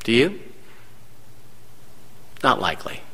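A man's voice: mid-range voice, wildly swooping pitch, slow pace, bright, forceful tone, husky, big-room sound. A man preaching a sermon, dramatic and full of rhetorical questions to his congregation. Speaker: pastor.

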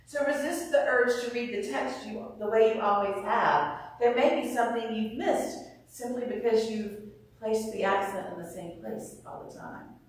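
A woman teaching about scripture in a calm, measured voice. Her voice rings in a very echoey room. She sounds set back from the microphone. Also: medium pitch, recorded from a distance. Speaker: Bible teacher. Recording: roomy echo, voice somewhat off-mic.

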